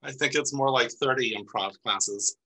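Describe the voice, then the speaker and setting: A man telling a self-deprecating personal story on a live storytelling show, earnest and animated. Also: mid-range voice, moderate pace, poor audio. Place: small theater stage.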